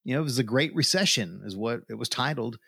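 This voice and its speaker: A man's voice: medium pitch, animated, quick pace, gravelly, sharp tone, slightly rough, no echo, studio quality. A middle-aged man telling a personal story in an earnest, emotional way, often repeating words as he goes. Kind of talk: personal testimony.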